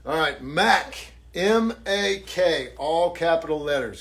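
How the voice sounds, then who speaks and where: A man, an actor signing autographs on a live stream, chatting casually in a jokey, self-mocking way and thanking fans warmly. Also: fairly high pitch, lively intonation, slow.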